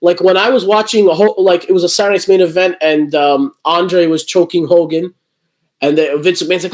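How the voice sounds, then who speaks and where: A man with a somewhat high voice tells stories in a casual interview. He rambles, restarting sentences and leaning on fillers as he goes. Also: steady tone, fairly quick, rough recording. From New Jersey. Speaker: guest, wrestling promotion owner.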